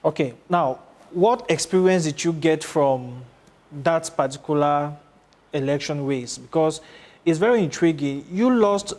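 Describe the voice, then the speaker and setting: A man hosting an interview, asking polite, measured questions. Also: fairly high pitch, darkish tone. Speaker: interviewer, host.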